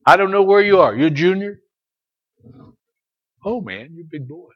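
A middle-aged man preaching a sermon as pastor, dropping to soft asides and rising to loud, slow exhortations, and calling out to listeners by name. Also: a little high, expressive.

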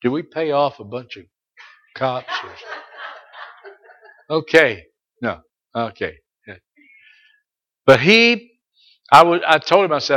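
A middle-aged pastor preaches to his congregation in a voice pitched a touch high for a man. He moves between quiet, conversational asides and loud, stretched-out calls not to give up. Now and then he turns to single listeners and speaks to them by name. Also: very animated. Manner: preaching that swings between soft asides and loud, drawn-out exhortations. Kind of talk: sermon.

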